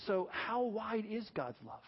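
A man's voice: high-pitched, sing-song, a little slow, slightly rough. A man preaching a sermon, emphatic and repetitive, calling on the congregation to answer back. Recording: dull lo-fi audio.

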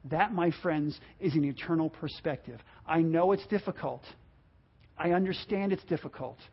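A man's voice: a little high, normal speed, breathy edge. A pastor delivering an impassioned sermon, repeating words and acting out the complaints he quotes, heard on a dull lo-fi recording.

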